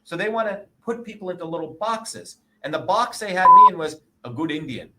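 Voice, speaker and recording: This is a man in his sixties speaking as an interview guest, his voice pitched high with a bright, forceful edge. He argues hard, swears freely and keeps asking whether the listener follows him. A faint hiss of background noise sits under the recording. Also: animated, a little fast. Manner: profane, emphatic, indignant, keeps checking with "okay?" and "you see?". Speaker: interview guest, presidential candidate. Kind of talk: combative interview talk.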